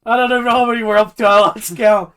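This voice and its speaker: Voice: medium pitch, steady tone, fast, crowd noise. Shrieking wrestling co-commentator. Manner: shrieking reactions, swearing, laughing. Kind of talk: excited color commentary.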